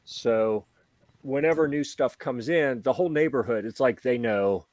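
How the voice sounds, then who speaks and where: A man's voice: medium pitch, moderate pace. A man hosting a casual gear podcast, telling stories and acting out what other people said. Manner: animated storyteller acting out quoted voices. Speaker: podcast host. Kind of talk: casual chat.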